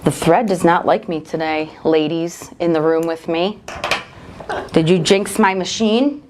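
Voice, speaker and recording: A woman's voice: on the low side, fairly even intonation, a little slow, noisy background. Chatty upbeat woman hosting a live sewing demo. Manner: chatty, upbeat, talks to viewers while working. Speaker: host of a live embroidery stream. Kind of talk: casual live demo chat.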